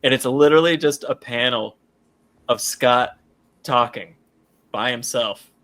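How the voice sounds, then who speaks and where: A man co-hosting a casual comic book podcast, animated and profane, acting out characters' lines for laughs. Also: mid-range voice, a little slow. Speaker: podcast co-host.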